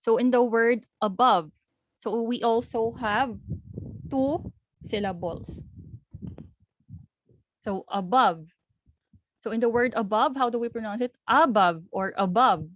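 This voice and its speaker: A woman's voice: fairly high pitch, normal speed, no echo, lo-fi sound. A young woman with a Filipino accent teaching an online lesson, explaining step by step and often restarting phrases. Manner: explains step by step, mixing in local words.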